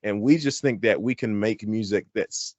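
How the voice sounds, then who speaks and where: A man's voice: on the low side, moderate pace, darkish tone, dry recording. A man, a hip-hop artist, talking candidly and animatedly in an interview, pressing his points with emphasis and laughing now and then. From New Zealand.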